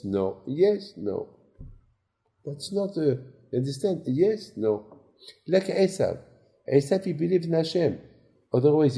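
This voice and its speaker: Rabbi giving a sermon, gravelly and very dark tone, story-driven preaching. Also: male voice, a little high. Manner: non-native phrasing, storytelling with quoted dialogue.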